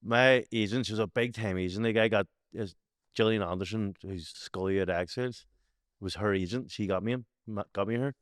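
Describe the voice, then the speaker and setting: A man's voice: on the low side, a little fast, no room sound, studio quality. A man with a West Belfast accent chatting casually on a podcast, swearing freely and telling stories with a slight slur. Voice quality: slurred speech. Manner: swears a lot, storytelling. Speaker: podcast host. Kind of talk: casual chat.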